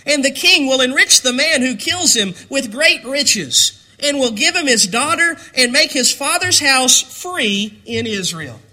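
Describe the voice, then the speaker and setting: High, bright-voiced preacher man. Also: expressive, a little slow, few pauses. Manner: dramatic, acts out voices of scripture figures; bible reading in a lifted, emphatic voice. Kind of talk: sermon.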